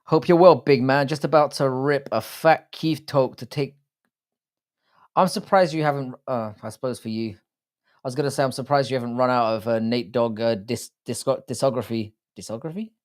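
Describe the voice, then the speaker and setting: A man's voice: medium pitch, normal speed. A British man hosting a live stream, chatting casually and swearing often while greeting viewers by name.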